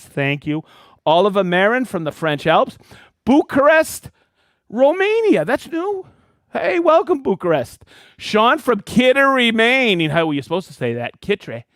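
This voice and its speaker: A man hosting a weekly live stream, reading out viewers' names and hometowns with excitement. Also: sits high, a little slow, dry recording, clean studio sound. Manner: lively, reads viewer names and places with excitement. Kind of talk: live stream shout-outs.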